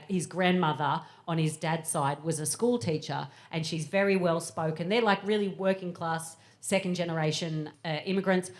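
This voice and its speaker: An Australian woman in her thirties, a comedian guest riffing with lively, sweary energy on a live comedy podcast stage. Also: on the low side. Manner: animated, sweary, quick to laugh. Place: live stage before an audience.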